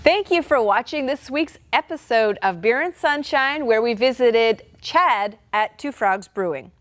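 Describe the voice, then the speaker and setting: A woman's voice: a little high, expressive, unhurried, no echo. A woman hosting a show, reading announcements in an upbeat announcer manner. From Canada. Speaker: show host.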